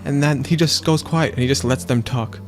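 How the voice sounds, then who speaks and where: A man hosting a let's play, chatting casually in a rambling, animated way and acting out quotes in silly voices. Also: medium pitch, brisk, music in the background. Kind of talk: casual gaming chat.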